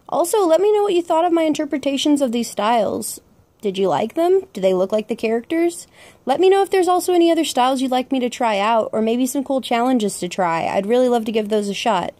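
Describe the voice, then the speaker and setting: A young woman with a high, warm voice and no echo narrates her own art video. The vlog host and artist keeps her voice-over casual and upbeat, laughing often.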